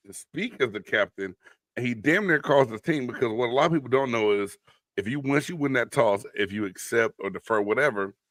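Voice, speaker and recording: Animated male sports podcast host, dry sound. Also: medium pitch, no room sound. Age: adult. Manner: animated storyteller, acts out quotes loudly. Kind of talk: casual sports chat.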